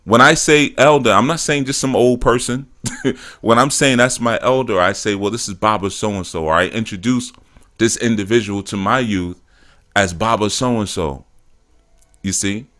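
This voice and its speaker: A man's voice: fairly low pitch, normal speed, fairly bright tone. A middle-aged man hosting a show, talking in loose casual storytelling, with a lot of "man" and "you know", and getting emphatic now and then. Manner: acts out quotes and grows emphatic. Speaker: spiritual teacher and show host. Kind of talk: casual talk-show monologue.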